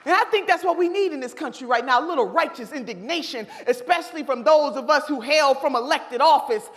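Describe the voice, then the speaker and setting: A woman giving an impassioned political speech at a convention, with a fiery, preacher-like cadence and shouted repetitions. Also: high-pitched, animated, fairly quick, a faint crowd. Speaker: convention speaker. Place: large convention hall. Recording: long hall reverb.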